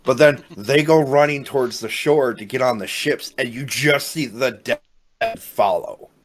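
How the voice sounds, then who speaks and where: A podcast co-host recounts movie scenes in a rambling, lively manner, swearing casually along the way. His voice sits in the mid range and he speaks a little slowly.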